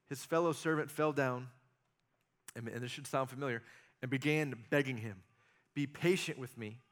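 A man preaching a sermon as pastor, animated, with jokey asides and acted-out quotes. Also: medium pitch.

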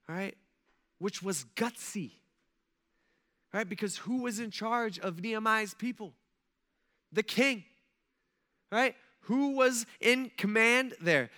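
A man's voice: high-pitched, sharp tone. A man preaching a sermon in a conversational style, full of asides to his listeners. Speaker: pastor. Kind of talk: casual sermon.

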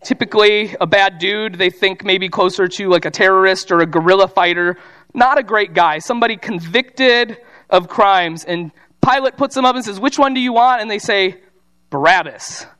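A man's voice: sits high, moderate pace, pushed and bright, clear, resonant tone. A man preaching a sermon, reading scripture and retelling it in casual everyday speech. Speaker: pastor.

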